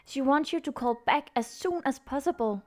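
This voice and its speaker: A woman's voice: high-pitched, moderate pace, lightly acted. A woman reading the lines of a friendly young male hotel receptionist delivering a message politely.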